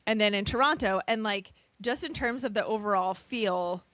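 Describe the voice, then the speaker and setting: A woman's voice: medium pitch, normal speed, fairly bright tone, no echo. A woman hosting a podcast interview, asking long, rambling questions with enthusiasm. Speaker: podcast host. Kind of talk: conversational interview.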